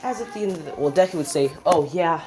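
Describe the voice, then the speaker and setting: A woman's voice: lowish voice, expressive, very fast, warm tone, a little hiss or hum. A woman casually improvising a fan story, rambling with restarts and swearing.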